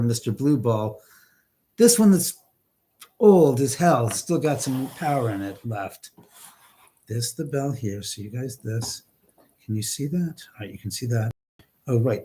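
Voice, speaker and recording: A man hosting a live ghost-hunting stream from inside his house, grumbling and cursing to himself as he scolds unseen spirits, swinging from sudden loud outbursts to whispered mutters. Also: medium pitch, lively intonation, moderate pace, husky. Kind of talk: live stream, casual chat. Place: indoors in his own house, moving between rooms and stairs.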